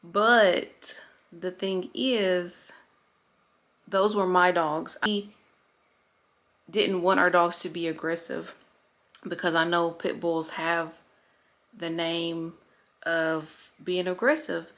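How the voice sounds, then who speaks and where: A woman's voice: on the low side, fairly even intonation, slow pace, long pauses, fairly bright tone. A young woman, chatting casually in a home vlog, rambling and correcting herself as she goes. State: slightly out of breath. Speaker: vlogger. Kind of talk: casual chat.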